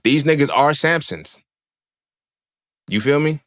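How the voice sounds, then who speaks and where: A young man hosts a podcast, telling stories in a casual monologue that's slangy, profane, and emphatic. His voice is a little high, fairly bright, and expressive, and he speaks slowly.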